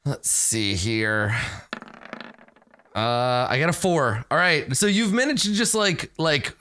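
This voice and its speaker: A man's voice: mid-range voice, lively intonation, slow, pushed and bright. A man running a tabletop game as game master, narrating casually and laughing often.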